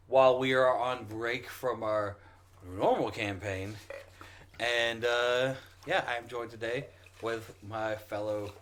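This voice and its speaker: A man's voice: mid-range voice, fairly bright tone, a little hiss or hum. A man acting as game master, opening a casual tabletop session with jokes and loose, rambling talk. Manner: joking, rambling with fillers.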